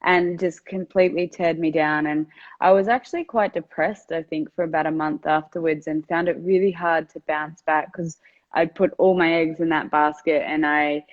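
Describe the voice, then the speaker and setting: A woman's voice: low voice, steady tone, moderate pace, muffled recording. A woman entrepreneur telling a candid, reflective story in an interview, with a conversational style full of fillers. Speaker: entrepreneur guest.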